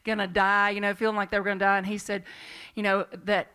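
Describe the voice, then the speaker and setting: A woman minister with a Southern accent preaching a sermon and telling personal stories in a lively, chatty way, with asides to the congregation. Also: medium pitch, quick pace, clear, resonant tone. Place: church sanctuary.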